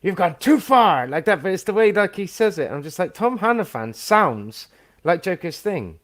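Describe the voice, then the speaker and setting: A British man co-hosting a wrestling podcast, swearing freely in lively banter. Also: high-pitched, moderate pace. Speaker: podcast co-host. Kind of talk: casual wrestling review chat.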